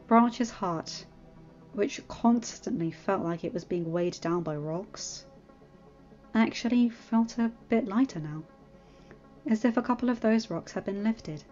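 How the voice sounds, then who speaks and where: A woman's voice: medium pitch, a little slow, muffled recording, faint music behind. Woman reading a story aloud. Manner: expressive storytelling. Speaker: audiobook reader. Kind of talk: fanfiction reading.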